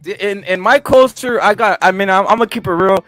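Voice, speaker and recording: A young man co-hosting a casual boxing podcast, talking loud and animated with crude banter and many restarts. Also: high voice, fairly quick, no room sound, faint music behind. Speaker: podcast co-host.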